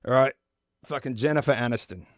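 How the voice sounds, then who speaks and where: A man in his forties hosting a stream, chatting casually and profanely in a rambling, animated way. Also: mid-range voice, a little fast, no echo, studio quality. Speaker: podcast host. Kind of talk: casual chat about metal albums.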